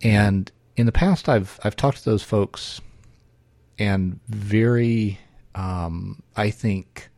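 A man's voice: lowish voice, takes it slowly, vocal fry, a little mellow, dry recording. A man hosting a solo podcast, thinking aloud in a wry, self-correcting way. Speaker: podcast host.

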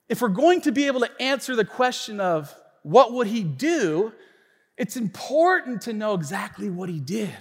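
A man's voice: high-pitched, moderate pace, breathy edge. A male pastor telling a story in his sermon, acting out the lines of the people in it, recorded in a church. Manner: animated storytelling, acts out friend's lines. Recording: long reverb of a church hall.

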